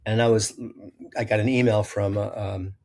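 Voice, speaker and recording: An older chef from Illinois, interviewed as a guest, tells rambling childhood stories at a normal pace in a lowish voice. He restarts often, corrects himself, and acts out quoted voices with animation.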